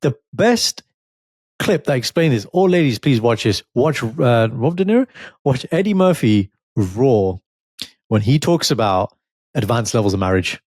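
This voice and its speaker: A man co-hosting a podcast, telling stories in an animated, casual way and laughing as he goes. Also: medium pitch, normal speed, no echo, studio quality. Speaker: podcast co-host. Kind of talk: casual chat.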